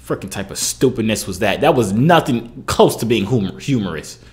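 A man's voice: lowish voice, lively intonation, normal speed. A young man hosting a reaction video, sounding unimpressed, complaining that nothing is funny and pleading with his viewers. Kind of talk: casual reaction commentary.

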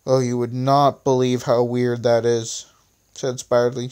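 A man reads his own story aloud into a phone, his voice smooth and clean and sitting at a middle pitch. He often trips over words and starts again, and he breaks off for self-mocking asides. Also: level tone, a little slow, darkish tone. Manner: self-deprecating, stumbles and restarts often. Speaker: reader of his own stories. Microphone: phone screen recorder.

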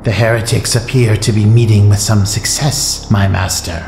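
A man's voice: fairly low pitch, fairly even intonation, moderate pace, creaky. A man voicing a servile male henchman who reports to his master with deference. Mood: deferential. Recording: roomy echo with music bed.

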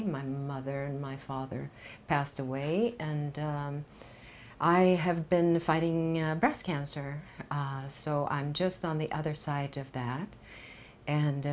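An older woman from Sweden with a Swedish accent, a Swedish native speaking English as an actress guest in a candid studio interview, talking in a reflective, unhurried way with frequent pauses and fillers. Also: low-pitched, darkish tone, a little hiss or hum.

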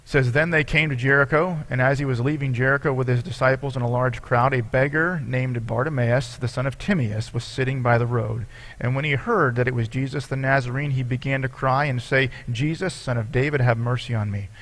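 A man with a gravelly, creaky voice preaching to his congregation. He reads scripture aloud and explains it earnestly, as a pastor would. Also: medium pitch, fairly even intonation, a little fast, a bit bright. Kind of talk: sermon.

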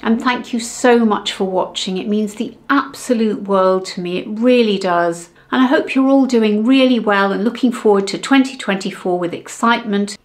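A woman's voice: mid-range voice, normal speed, hardly any pauses. A middle-aged woman, talking to camera in a chatty, direct way about fashion trends for her vlog. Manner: chatty, warm and direct to viewers. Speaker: fashion and beauty vlogger.

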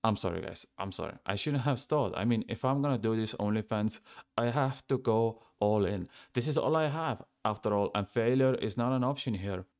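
A man's voice: on the low side, brisk, darkish tone. A man doing a comedic, mock-seductive voice-over for his gaming video. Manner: playful mock-seductive teasing.

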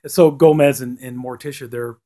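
Mellow man rambling through a review. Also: medium pitch, fairly even intonation, moderate pace. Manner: rambling, heavy on "you know" fillers; acts out lines with a lifted voice. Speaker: TV episode reviewer. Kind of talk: casual spoken review.

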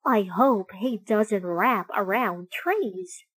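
A woman's voice: medium pitch, slow, a bit bright, breathy edge, dry recording. A woman reading as a fretful dog-owning neighbor. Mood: worried. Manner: fretful, anxious. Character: worried woman neighbor fretting over her small dog.

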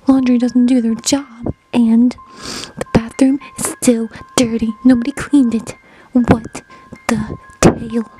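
A woman's voice: on the high side, poor audio. A young woman voicing a moody female pet who snaps suddenly, in an amateur toy-pet short film, talking with lots of "like" fillers. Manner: valley-girl filler-heavy talk. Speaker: fan film voice actor.

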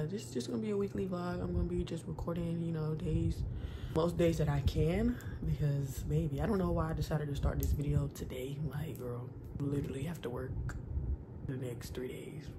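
A woman in her twenties talking casually to her viewers in a chatty, slangy vlog, speaking into a phone camera. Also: deep voice. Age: 20s. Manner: chatty and slangy, addresses viewers as y'all and baby. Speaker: vlogger. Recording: noisy phone vlog audio.

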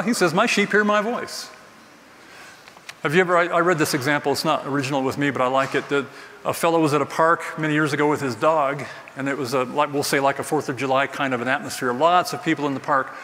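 A man's voice: fairly high pitch, fairly even intonation, fast, bright, forceful tone. A man preaching a sermon in a church, earnest and emphatic, repeating his key phrases. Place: church sanctuary. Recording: distant mic in a reverberant hall with faint noise.

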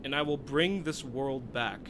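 A man reading a cold, menacing demonic child spirit from a video game aloud, in a slow, low, ominous delivery. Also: a bit bright, slight background noise, lightly acted.

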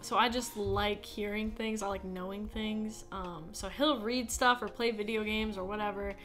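A woman's voice: medium pitch, steady tone, normal speed, fairly bright tone, soft background music. A young American woman co-hosting a podcast, talking casually and hesitantly, with lots of fillers and giggles. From United States. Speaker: podcast co-host. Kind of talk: casual chat.

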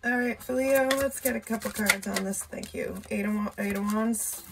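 A woman's voice: on the high side, steady tone, a little slow, creaky, few pauses, slight background noise. A woman giving a casual tarot reading, chatty and loose, with profane asides. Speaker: tarot reader.

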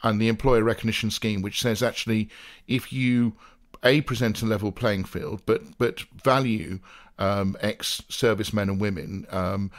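A man from the South Coast of England co-hosting a podcast in a casual, rambling, jokey way, wandering off into playful digressions. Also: on the low side. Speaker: podcast co-host.

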